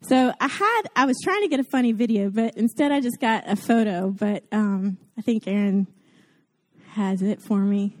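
A mother with a Southern US accent giving a casual, chatty Mother's Day sermon to her church, self-deprecating and lively in how she tells it. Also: mid-range voice, moderate pace. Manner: chatty and self-deprecating, acts out gushing voices. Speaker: guest preacher at a church service.

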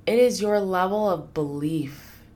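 A woman with a fairly low voice speaks unhurriedly on her own life-coaching podcast. In this motivational monologue she's upbeat, chatty and encouraging, radiating warm enthusiasm and laughing often.

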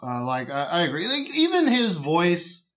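Male podcast host, somewhat high voice with lots of swing, jokey and crude casual banter. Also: normal speed. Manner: lively, joking, profane banter. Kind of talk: casual chat.

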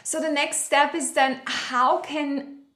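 A woman hosting an interview, asking slow, searching questions with many fillers. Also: high-pitched, level tone, a bit bright, echoey room. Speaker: interview host.

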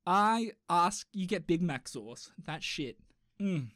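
A man's voice: sits high, lively intonation, takes it slowly, a bit bright, dry recording, studio quality. A young man co-hosting a podcast in casual, joking, rambling chat. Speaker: podcast co-host.

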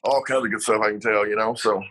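A man's voice: on the low side, fairly even intonation, fast talker, a bit bright, slightly rough, poor audio. A middle-aged man, a retired racer telling salty stories in a casual interview, rambling with lots of fillers and laughs.

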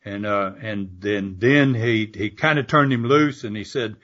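A man's voice: fairly low pitch, a little slow, a bit bright. Older man spinning yarns. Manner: rambling anecdotal, frequent fillers and restarts, laughing asides. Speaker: guest, former wrestler and promoter. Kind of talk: storytelling interview. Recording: dull lo-fi audio.

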